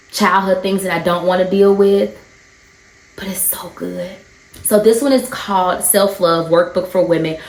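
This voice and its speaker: Earnest mom vlogger in an echoey room. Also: female voice, on the low side, darkish tone. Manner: earnest, encouraging, emotional. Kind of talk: casual faith and motherhood vlog. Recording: roomy echo.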